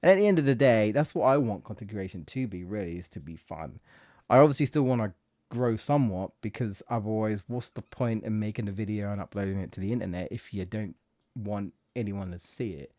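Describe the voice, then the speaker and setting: Streaming a video game in casual let's-play commentary, a man rambles about content creation, restarting often, swearing, and putting himself down. His voice is fairly low, a little mellow, and brisk.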